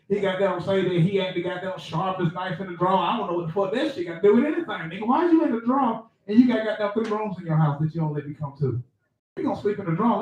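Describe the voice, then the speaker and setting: A man's voice: high voice, darkish tone. A man telling rambling, profane stories in a live stand-up set. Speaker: stand-up comedian. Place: comedy club stage. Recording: dull, very echoey club sound from afar.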